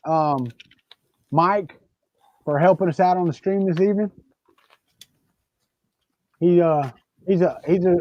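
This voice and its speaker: A man's voice: high voice, no room sound, highs cut off. A man co-hosting a livestream chat, joking and telling stories with lots of restarts. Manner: joking, storytelling with repeated restarts. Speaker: livestream co-host. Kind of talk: casual chat.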